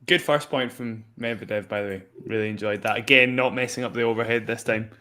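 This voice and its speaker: A man's voice: lowish voice, steady tone, a little fast, sharp tone. Man giving analytical tennis commentary. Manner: analytical, observant. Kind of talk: casual match commentary.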